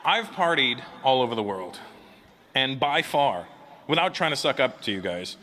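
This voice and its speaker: A man's voice: mid-range voice, very animated, normal speed. A man doing stand-up comedy before a live audience, telling crude, rambling stories, laughing at his own jokes and checking in with the crowd. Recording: noisy live club recording.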